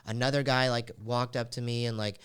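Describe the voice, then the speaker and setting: A man's voice: medium pitch, level tone, a little fast, a bit bright, smooth. A man hosting a podcast, telling a personal story in a raw, confessional way full of casual fillers like "like.". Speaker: podcast host.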